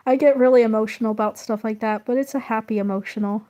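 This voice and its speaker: A woman streaming while she draws, chatting casually and gently encouraging her viewers. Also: fairly high pitch, fairly even intonation, fast, hardly any pauses. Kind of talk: casual chat.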